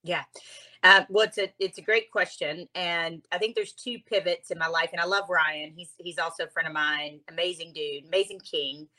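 A woman being interviewed recounts something personal, animated and full of feeling, and at moments she nearly cries. Her voice sits lowish and her pace is moderate.

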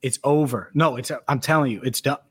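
A man's voice: mid-range voice, a little fast, fairly bright tone, slightly rough. A man co-hosting a sports podcast in casual chat, joking and laughing often, tripping over repeated words. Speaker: podcast co-host.

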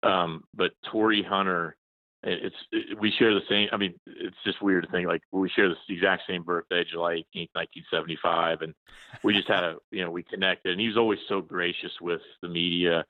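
A man's voice: low voice, little pitch movement, a little fast, no room sound. A man in his forties, a journalist guest, chatting in a rambling way with many restarts and fillers. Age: 40s. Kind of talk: casual interview chat. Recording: tinny phone line, dry.

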